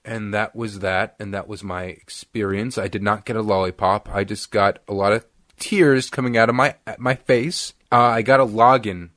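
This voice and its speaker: A young podcast co-host speaks at a moderate pace in a lowish voice, recorded cleanly in a studio with no room sound. In casual chat he animatedly recounts a story, voicing the people in it.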